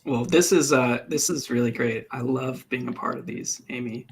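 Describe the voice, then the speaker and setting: A man, a writer at a reading event, chatting casually and haltingly with fillers. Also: mid-range voice, gravelly, husky. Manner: warm thanks, halting with fillers.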